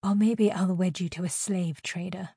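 A woman's voice: on the low side, fairly even intonation, normal speed, gravelly, warm tone, husky, no echo, clean studio sound. A woman voicing a cruel, scheming noblewoman ruler who taunts in a sing-song way. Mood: sing-song taunting.

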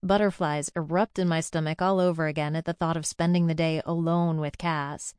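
A woman's voice: low voice, flat delivery, brisk, a little mellow, clean tone, dry recording, clean studio sound. A young adult woman narrating a first-person audiobook in a chatty, confiding way.

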